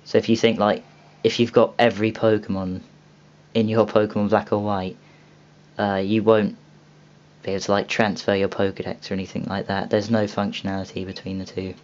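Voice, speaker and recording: A man's voice: on the low side, little pitch movement, brisk, a little mellow. A young man hosting a casual video walkthrough of a game store, rambling with many ums and restarts. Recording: dull lo-fi home recording with faint hiss.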